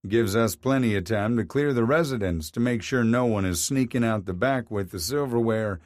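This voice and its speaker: A man voicing a calm federal marshal who speaks in a steady, matter-of-fact way. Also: on the low side, normal speed, no room sound, lightly acted. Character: calm, dry-humored male federal marshal.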